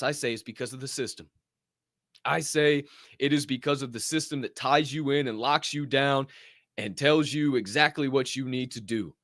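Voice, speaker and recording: A man's voice: medium pitch, a bit bright, no room sound, clean studio sound. A man hosting a podcast, delivering a fiery, profane motivational monologue in reaction to a clip. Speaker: podcast host.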